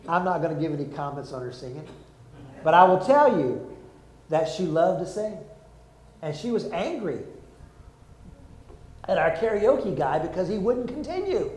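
A man's voice: sits high, normal speed, pauses often, roomy sound, rough recording. An older man preaching a sermon, telling stories and acting out the people in them. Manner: lively storytelling, acts out quotes. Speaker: preacher, former army chaplain.

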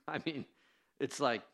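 Man, pastor, casual conversational sermon, acts out quotes, mid-pitched voice, echoing church hall. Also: slow, a bit bright, lo-fi sound. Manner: conversational, self-deprecating, with fillers and acted-out quotes. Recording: preached in a reverberant church hall.

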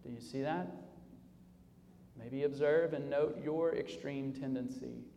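A male pastor preaching a sermon, dropping low and quiet, then rising loud for emphasis. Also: unhurried, vocal fry, big-room sound, muffled recording, a little hiss or hum. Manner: preaching with sharp swings between soft low passages and loud raised emphasis. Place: church sanctuary.

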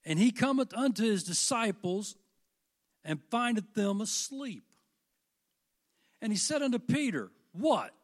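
A man preaching a sermon, swinging from loud declarations to hushed questions and reading scripture slowly with weight. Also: sits high, very animated. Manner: reads scripture in slow, drawn-out emphasis.

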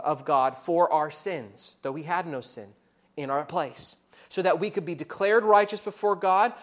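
A male pastor preaching an earnest sermon, his voice rising loud in accusing passages and dropping low and soft in reflective ones.

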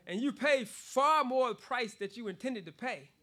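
A man preaching a sermon in an animated way. He laughs often between phrases and repeats words for emphasis. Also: very high voice, unhurried.

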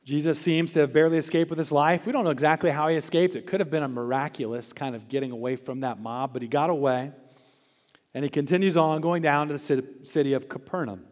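A male pastor delivering a sermon, pressing hard on key words and then dropping to a near hush at the ends of phrases. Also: on the high side, steady tone, quick pace. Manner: emphatic preaching, swinging between loud stresses and quiet drops. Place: church sanctuary. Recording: long church reverb.

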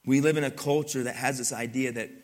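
An older man preaching a sermon, telling stories with asides to his congregation and swinging from loud exclamations to hushed, near-whispered moments. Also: medium pitch, fairly even intonation, fast talker. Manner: storytelling, conversational asides to the congregation. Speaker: pastor.

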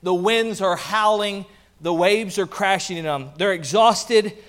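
A male pastor preaching a sermon, animated, with playful asides and acted-out quotes. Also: sits high, measured pace.

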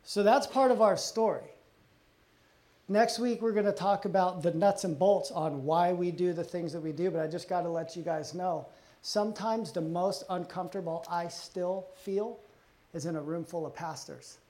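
A middle-aged man preaching a sermon as pastor, earnest and confessional, often dropping soft and low on personal moments. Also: normal speed.

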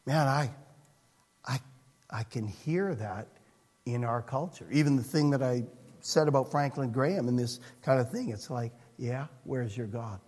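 A man preaching a sermon as pastor, earnest, moving between hushed and emphatic passages. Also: mid-range voice, normal speed, long pauses. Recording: long reverb of a hall.

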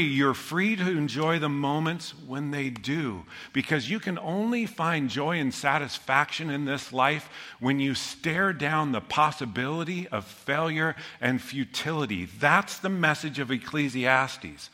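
A man in his fifties preaching a sermon, telling stories from his own life with animated, self-mocking humor. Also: on the high side, unhurried, hardly any pauses. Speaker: pastor. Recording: long reverb of a large hall.

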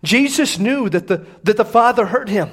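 A man with a very high-pitched voice preaches a sermon. He swings from loud, climbing urgency down to hushed, prayerful near-whispers, and he repeats words when he presses a point. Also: animated, normal speed, breathy edge. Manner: reads scripture in King James wording, repeats words when emphatic.

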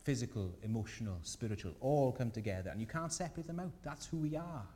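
A man preaching a sermon as pastor, earnest and gentle, his emphasis rising on key points. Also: medium pitch, animated, quick pace, big-room sound. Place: church.

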